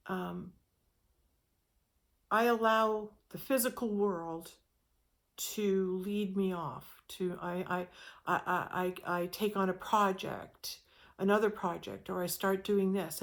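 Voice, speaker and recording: A woman giving an informal spiritual talk, speaking in a reflective, meandering way with frequent restarts. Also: mid-range voice.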